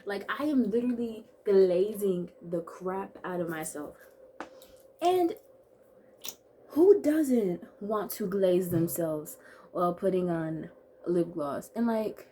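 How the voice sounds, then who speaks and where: A chatty young woman in her twenties talking straight to camera, bubbly and playful, tossing in quick asides. Her voice sits at an ordinary middle pitch. A faint hiss of noise sits under her. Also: lively intonation, mellow. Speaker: vlogger. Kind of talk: casual chat to camera.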